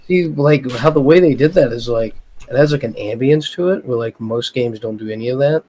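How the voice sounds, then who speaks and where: A man co-hosting a casual gaming podcast, giving relaxed opinions full of fillers. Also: medium pitch, brisk, a little hiss or hum, rough recording. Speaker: podcast co-host.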